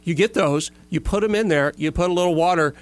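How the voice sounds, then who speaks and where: A man co-hosting a talk show, reading out news items in a casual, animated chat with quick asides. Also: high voice, clear, resonant tone. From Florida. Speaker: radio show co-host.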